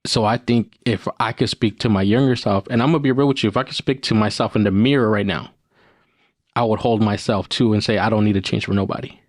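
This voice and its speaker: Gentle low-voiced male podcast co-host. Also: fairly even intonation, quick pace, no echo, clean studio sound. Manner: gentle, encouraging, laughs easily. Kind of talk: reflective podcast conversation.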